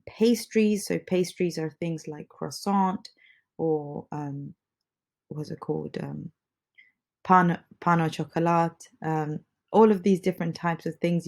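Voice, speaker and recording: A woman teaching an English lesson, feeling a little under the weather, repeating phrases slowly and patiently for learners. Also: lowish voice, darkish tone. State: under the weather, slightly congested.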